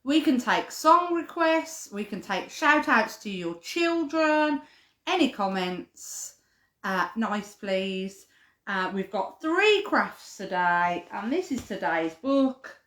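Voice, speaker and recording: A woman's voice: mid-range voice, sing-song, slow pace, a bit bright. Sing-song woman leading a toddler playgroup. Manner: sing-song, chatty delivery aimed at toddlers and parents. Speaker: playgroup leader. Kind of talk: live-streamed children's playgroup session. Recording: echoey room.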